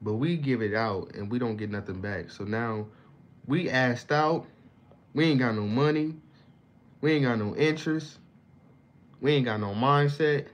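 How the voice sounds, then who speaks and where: A man's voice: mid-range voice, unhurried, pauses often. Slangy, profane young man ranting. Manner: slangy, profane, rambling with sudden loud bursts. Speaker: vlogger. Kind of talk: casual unscripted rant. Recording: slightly dull lo-fi with faint hiss.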